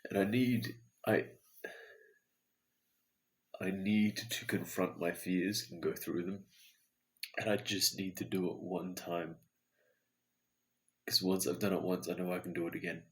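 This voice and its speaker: A man with a deep, low voice records a late-night video diary. He sounds tired and talks in an earnest, searching way, thinking aloud to himself. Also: fairly even intonation, measured pace, long pauses. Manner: earnest, introspective self-talk. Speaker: vlogger.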